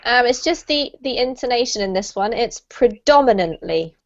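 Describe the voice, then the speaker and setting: A woman teaching an online English lesson, encouraging her students, laughing often and modelling words slowly. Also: a little high, a bit bright. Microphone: video call. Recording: slightly muffled video call audio.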